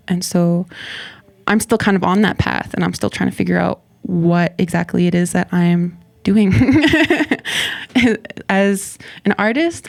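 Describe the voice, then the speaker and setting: A woman in her twenties, a guest artist talking over her path in a relaxed interview, thoughtful and quick to laugh, her speech full of "like". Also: mid-range voice, creaky, no echo. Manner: reflective, laughs often, many "like" fillers. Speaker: guest hip-hop artist. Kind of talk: casual interview conversation. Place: radio station interview studio.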